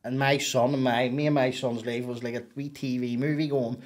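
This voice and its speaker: Animated man telling a story. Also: medium pitch, normal speed. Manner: animated, profane, rambling. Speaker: podcast guest. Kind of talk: casual storytelling.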